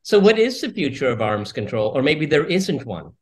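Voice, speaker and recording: A man's voice: on the high side, big pitch swings, normal speed. A man hosting an interview, cutting in with follow-up questions for his guest. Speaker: host interviewer.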